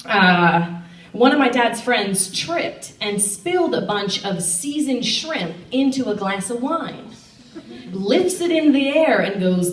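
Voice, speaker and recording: Deadpan young woman comic, roomy and distant. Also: on the high side, slow pace, slight background noise. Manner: deadpan storytelling with loud bursts of acted quotes. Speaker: stand-up comedian. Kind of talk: stand-up set. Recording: roomy sound from a distant mic.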